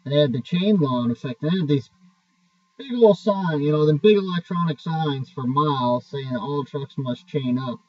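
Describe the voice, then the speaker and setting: Rambling trucker with a profane streak. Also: male voice, on the high side, normal speed, no echo. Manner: rambling, profane, restarts often. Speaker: truck driver telling a road story. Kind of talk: casual spoken storytelling. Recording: dull, distant mic.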